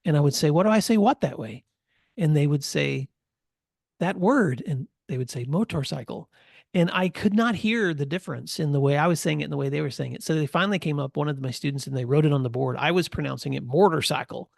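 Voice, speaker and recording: A middle-aged man from West Tennessee co-hosting a podcast, telling stories in a relaxed way with fillers. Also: fairly high pitch, fast, vocal fry, no echo, clean studio sound. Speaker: podcast co-host. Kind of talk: casual podcast conversation.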